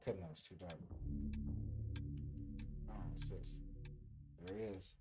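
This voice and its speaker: A man's voice: deep voice, slow, pauses often, warm tone, faint music behind, rough recording. A tired man streaming a video game, reading bits aloud and making dry, sarcastic remarks while yawning. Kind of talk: casual let's-play commentary.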